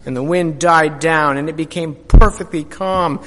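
High-voiced man telling a dramatic monologue. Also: unhurried. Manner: animated storytelling, hushed to shouting. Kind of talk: first-person dramatic monologue. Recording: long hall reverb.

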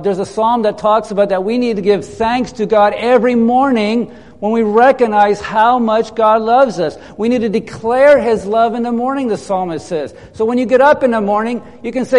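A man's voice: sits high, a little mellow. A male pastor preaching a sermon, emphatic and drawn out on key phrases, leading the congregation to repeat after him. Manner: emphatic, slows down on key phrases, leads the congregation in call and response. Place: church hall. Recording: long hall reverb.

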